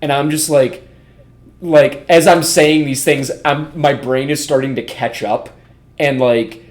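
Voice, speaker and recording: A man's voice: a little high, steady tone, a little slow. A man co-hosting a podcast, telling a story in a rambling, casual way, full of "like" and frequent swearing. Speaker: podcast co-host. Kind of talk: casual storytelling among friends.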